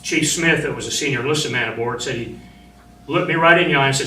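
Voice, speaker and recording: A man's voice: medium pitch, quick pace. Older man telling his war story. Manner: plain storytelling, shouting when retelling orders. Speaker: former Marine speaking as a survivor. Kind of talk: personal war testimony to an audience. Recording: roomy, distant mic, faint noise.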